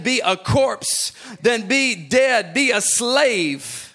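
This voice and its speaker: A man preaching a livestreamed sermon, swinging from hushed, slow lines to shouted, sing-song repeated phrases. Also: very high voice, very animated. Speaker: pastor.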